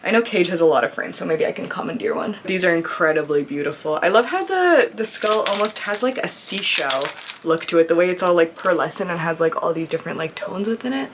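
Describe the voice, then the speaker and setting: A woman's voice: fairly low pitch, expressive, fairly quick, background noise. A young woman chatting casually to camera as she opens viewer mail, gushing and exclaiming as she restarts her sentences. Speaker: craft YouTuber opening viewer mail. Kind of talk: casual unboxing chat to camera.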